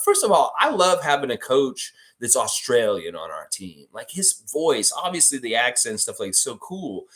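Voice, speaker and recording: A man's voice: medium pitch, wildly swooping pitch, moderate pace, hardly any pauses, a bit bright. A man hosting a casual live stream, rambling and reading viewer comments aloud. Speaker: livestream host.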